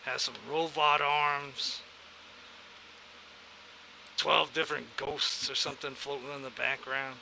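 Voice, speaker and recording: A man's voice: medium pitch, level tone, slow pace, creaky, pauses often, bright, forceful tone, a little hiss or hum, poor audio. A man in casual in-character role-play as a veteran contact, easygoing and fatherly.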